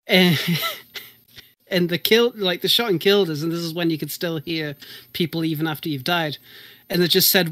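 A man's voice: a little high, steady tone, moderate pace, a bit bright, no echo. A man telling a long story in casual chat, rambling with many restarts and casual swearing.

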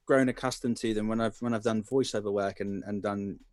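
A man's voice: fairly low pitch, fairly even intonation, fairly quick, no echo. A man, an actor and voice actor, talking in earnest, reflective casual conversation, often restarting his sentences. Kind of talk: casual chat.

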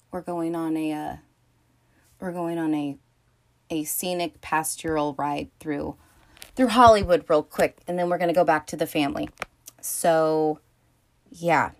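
A woman hosting a podcast, talking through a film in a rambling, casual monologue full of fillers and restarts, swearing freely and breaking into excited outbursts. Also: low-pitched. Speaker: podcast host.

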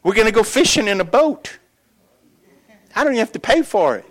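A middle-aged man preaching a sermon as pastor, telling stories with animated energy and dropping to quiet, earnest emphasis. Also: sits high, brisk. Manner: animated storytelling that shifts between loud excitement and quiet earnest emphasis.

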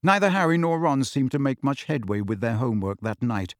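A man reading an audiobook aloud in an expressive storytelling manner. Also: mid-range voice, a little fast, no echo, studio quality. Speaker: audiobook narrator. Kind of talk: scripted audiobook narration.

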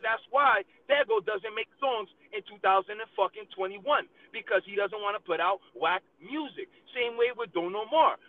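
A man hosting a casual talk show, ranting in a heated, profane and emphatic way and mixing in Spanish phrases. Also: high voice. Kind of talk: casual opinion rant. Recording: tinny phone-like audio.

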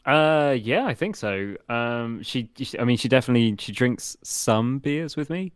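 A man's voice: mid-range voice, lively intonation, normal speed, smooth, dry recording. A British man in his thirties, co-hosting a casual podcast in an easygoing way with lots of hesitant fillers. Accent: British English. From United Kingdom. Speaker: podcast co-host.

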